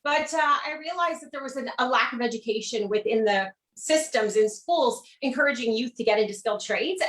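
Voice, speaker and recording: On a relaxed video-call interview, a female ironworker guest speaks with a slightly high, somewhat bright voice. She's enthusiastic and laughs a lot, and the audio carries a roomy echo.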